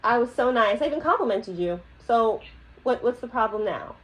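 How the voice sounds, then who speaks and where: A woman speaking with a fairly high voice. Her tone is pointed and insistent, and her praise is laced with sarcasm, as in a heated workplace meeting. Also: lively intonation, normal speed, fairly bright tone, low-quality recording.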